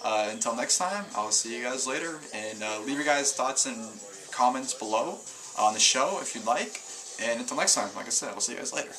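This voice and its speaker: Bright-voiced man rambling through a review. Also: medium pitch, expressive, fairly quick, low-quality recording. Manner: rambling recap with many fillers and restarts. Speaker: wrestling show reviewer. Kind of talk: casual video review. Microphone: camera mic.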